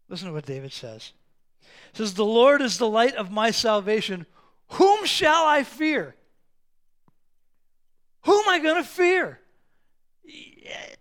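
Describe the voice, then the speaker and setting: A man preaching a sermon as the pastor, moving between quiet, conversational asides and loud, slow, emphatic declarations. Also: very high-pitched.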